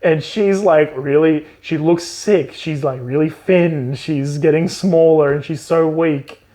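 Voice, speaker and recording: A man with a slow, warm, somewhat high voice co-hosts a podcast chat that is a comedic book recap. His take on the book is sarcastic and profane, and the plot makes him laugh often.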